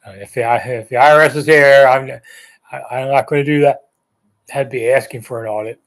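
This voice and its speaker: A sports talk host in his sixties runs a live chat, responding to viewer comments in a loose, rambling style with plenty of ums and uhs. His voice is mid-range, his pace moderate, and his intonation fairly even.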